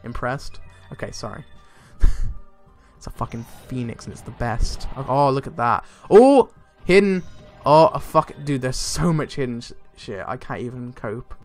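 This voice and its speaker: A young man giving casual, excitable gameplay commentary, swearing a lot and laughing often. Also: mid-range voice, moderate pace. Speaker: let's play gamer. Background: faint game music.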